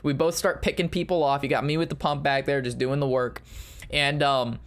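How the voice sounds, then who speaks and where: A man's voice: mid-range voice, steady tone, normal speed. A man streaming and telling stories in a casual, rambling and profane way. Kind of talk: casual storytelling while streaming.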